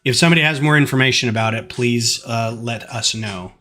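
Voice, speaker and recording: A man's voice: medium pitch, a little fast, pushed and bright. A man chatting casually at home while building a kit on a live stream, rambling with plenty of fillers. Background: faint music.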